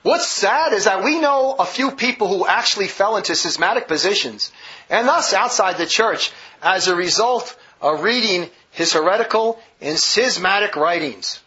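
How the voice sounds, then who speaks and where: A man's voice: high voice, animated, normal speed, bright, forceful tone. A man giving a vehement, combative religious monologue with heavy emphasis, on a dull lo-fi recording. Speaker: religious commentator. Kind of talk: polemical monologue.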